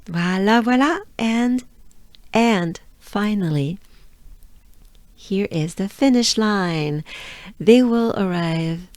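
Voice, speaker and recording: A woman from France with a French accent, teaching pronunciation and drilling the sounds slowly and over and over. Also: medium pitch, a little mellow, no echo. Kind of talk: slow pronunciation lesson.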